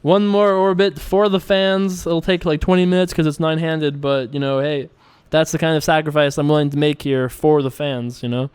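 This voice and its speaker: With a clean, slightly mellow voice pitched a little high, this young poker host speaks at normal speed with fairly even intonation. He chats casually while playing online, joking and poking fun at himself.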